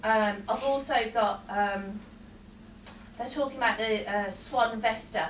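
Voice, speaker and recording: A woman with a fairly high voice gives a psychic reading to a room full of people. She is talkative and apologetic, and laughter keeps breaking into her sentences. The recording is roomy and distant, with a faint hiss underneath. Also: measured pace. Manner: chatty, laughs often, apologetic asides. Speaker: psychic medium. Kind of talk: live audience reading. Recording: roomy hall, distant mic, faint noise.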